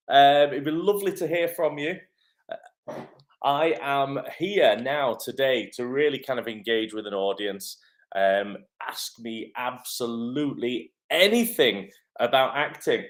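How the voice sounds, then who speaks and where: A man, an acting coach running a live-stream Q&A from his home kitchen, chatty and upbeat with lots of ums. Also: mid-range voice. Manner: chatty and upbeat, many "um" fillers. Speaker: acting coach and agency head.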